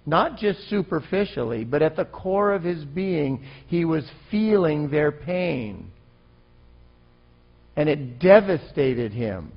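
Male pastor, sermon, husky gravelly voice, emphatic, dull lo-fi recording. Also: a little high, animated, takes it slowly. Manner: impassioned, emphatic preaching.

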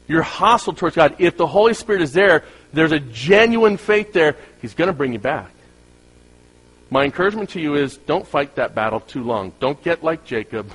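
A man's voice: mid-range voice, fairly bright tone, poor audio. Conversational man preaching a sermon. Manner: conversational preaching with humorous asides and rhetorical questions. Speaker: pastor.

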